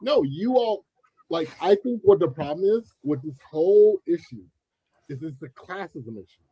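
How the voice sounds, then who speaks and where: A man's voice: fairly high pitch, animated, moderate pace, slightly rough, no room sound, highs cut off. A man hosting a casual commentary chat, talking animatedly and acting out quoted voices with frequent restarts. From United States. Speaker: channel host.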